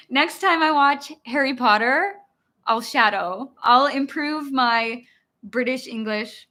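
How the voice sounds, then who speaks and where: A bright, slightly high American woman in her thirties hosts a live-stream Q&A as an English teacher. She takes her time, laughing at herself often. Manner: giggly, self-deprecating.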